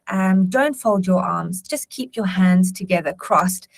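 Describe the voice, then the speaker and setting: Measured woman giving webinar advice. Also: lowish voice, gravelly, rough recording. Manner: measured, explanatory, with frequent ums. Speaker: patient actor on a webinar panel.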